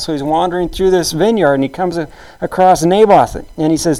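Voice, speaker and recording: A man's voice: on the high side, fairly quick, mellow, poor audio. A man preaching a sermon in a conversational, storytelling way, acting out the quotes of the people in the story.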